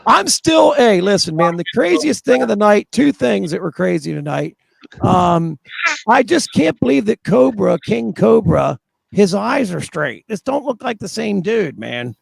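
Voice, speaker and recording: A man's voice: high voice, sing-song, a little slow, creaky, no echo. A man chatting casually on a live stream, telling rambling, profane stories and laughing at himself. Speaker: livestream regular.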